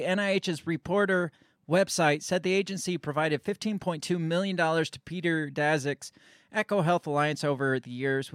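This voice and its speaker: A man's voice: fairly high pitch, a bit bright, no echo, clean studio sound. Rambling man commenting on a clip. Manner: loose, rambling, sarcastic, swears casually. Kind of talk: casual commentary on a news clip.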